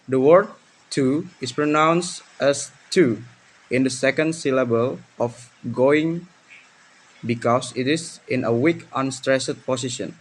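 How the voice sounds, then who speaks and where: A young man from Indonesia, presenting a pronunciation lesson as a student in a slow, deliberate way. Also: mid-range voice, slight background noise. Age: young adult.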